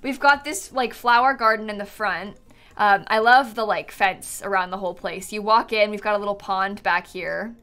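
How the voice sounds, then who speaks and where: A woman's voice: medium pitch, moderate pace, bright, forceful tone, clear, resonant tone. A woman chatting casually on a live stream, touring viewers' game builds, bubbly and chatty with lots of "like"s, a bit sleepy and yawning.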